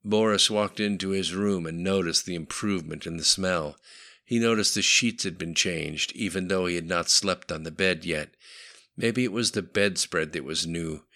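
A man narrating a novel audiobook in a steady, matter-of-fact way. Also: low voice, normal speed.

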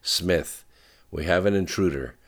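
A man's voice: low voice, a little slow. An audiobook narrator voicing a terse, businesslike security man.

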